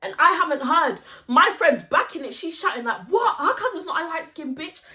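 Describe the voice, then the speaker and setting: A young woman telling a story to camera in a casual, animated way, full of slang and swearing. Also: extremely high pitch, normal speed, crowd noise. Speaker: vlogger. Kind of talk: casual story time monologue.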